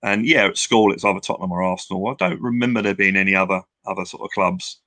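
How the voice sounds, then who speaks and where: An older man from England reminisces in a loose, rambling way, circling back and restarting his sentences. His voice is bright and forward. The sound is dry, close and without room echo. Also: low voice, fast. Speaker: guest. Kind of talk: casual interview storytelling.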